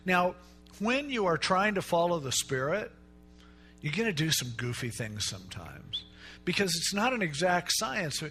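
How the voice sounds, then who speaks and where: A middle-aged male pastor preaching a sermon in a relaxed, conversational way, telling stories and acting out the people in them. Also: sits high, unhurried, faint music behind. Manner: conversational storytelling preacher, acts out quoted voices.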